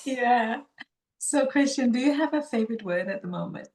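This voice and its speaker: A woman hosting a podcast interview, effusive and affirming, gently thanking her guest and speaking to the listeners. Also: a little high, lively intonation, normal speed. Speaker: podcast host.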